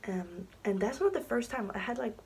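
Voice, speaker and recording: Husky, gravelly young woman vlogger. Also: medium pitch, sing-song, moderate pace, a little mellow, poor audio. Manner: chatty, many fillers, often drops to a whisper. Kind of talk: casual storytime. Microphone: camera mic, sitting to film.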